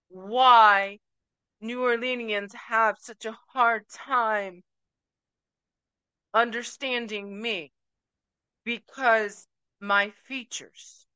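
A woman from Puerto Rico delivers an emotional vlog rant, slow and deliberate, stressing her points and slipping Spanish words into her English. Her voice is bright and sits a little high, smooth and clear, in a dry space. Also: no room sound, poor audio. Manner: emphatic, slips into Spanish words. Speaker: vlogger.

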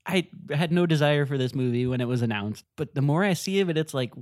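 A man's voice: fairly high pitch, expressive, quick pace, a little mellow, dry recording, clean studio sound. A man hosting a podcast, casually and playfully sharing entertainment news tidbits. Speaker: podcast host. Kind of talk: casual chat.

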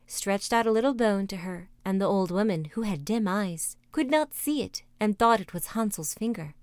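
A woman's voice: medium pitch, no echo. Woman reading a fairy tale. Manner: measured, expressive. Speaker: narrator. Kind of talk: storybook reading.

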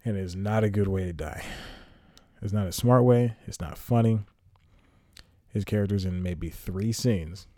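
A man talks through a movie review on his own, rambling from point to point with sighs and exasperated asides. His voice sits low and mellow, recorded close and dry with no room sound. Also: measured pace, long pauses, dry recording. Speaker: podcast host. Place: home, recording at night.

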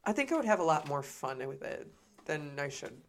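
A young woman co-hosting a podcast in casual chat, bantering with dark, playful jokes. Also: sits low, big pitch swings, a little fast, very noisy. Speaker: podcast co-host.

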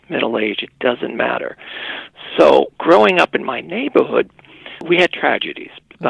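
A man's voice: mid-range voice, gravelly, husky, no echo, muffled recording. A middle-aged man from Massachusetts, a podcast guest telling stories from his childhood. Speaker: guest, executive director of elder housing charity. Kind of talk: conversational storytelling.

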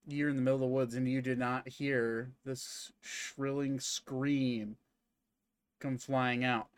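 A man narrating as game master of a tabletop game in a casual, halting way with many fillers. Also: mid-range voice, little pitch movement, smooth, no echo.

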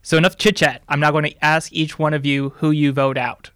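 A man's voice: on the high side, little pitch movement, brisk, a bit bright, smooth, no room sound, studio quality. A man running a game segment on a book podcast, giving theatrical, mock-dramatic intros. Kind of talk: casual book podcast chat.

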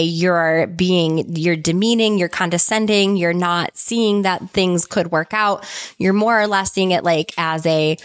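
A woman in her thirties giving casual, earnest advice, telling stories in an animated way. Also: on the low side, no echo, studio quality. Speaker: manifestation vlogger.

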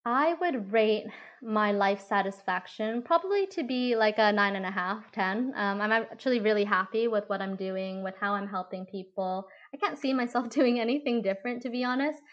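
A woman who coaches voice and communication, answering interview questions in an earnest, measured way. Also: mid-range voice, dull audio.

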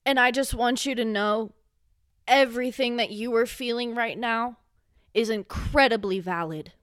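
A young woman hosting a solo podcast, speaking with raw emotion and swearing, sometimes rising to a yell. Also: a little high, normal speed, clean tone, dry recording, studio quality. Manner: impassioned, swearing, rising to yelling when angry. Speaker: podcast host.

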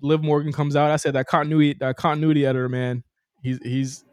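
A man's voice: on the high side, flat delivery, fast talker, dry recording, studio quality. A man co-hosting a podcast, talking enthusiastically and swearing freely in casual chat. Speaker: podcast co-host.

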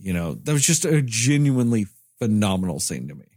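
Podcast co-host, man, animated rambling pitch, dry close sound. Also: a little fast, no room sound. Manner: rambling, many "you know" fillers. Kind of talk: casual movie review chat.

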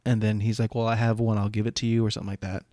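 A man co-hosting a podcast in relaxed casual chat, often checking in with questions. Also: lowish voice, rapid-fire, no room sound, clean studio sound. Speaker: podcast co-host. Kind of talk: casual chat about a musical.

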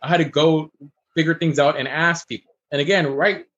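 A man who is a chef, chatting casually as a guest and telling stories in a fast, animated way. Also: on the high side, highs cut off. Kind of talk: casual chat.

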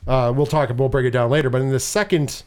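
A man casually talking through a film in a podcast chat, rambling and animated, with restarts and frequent swearing. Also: medium pitch, fast talker, clean tone. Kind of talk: casual movie review chat.

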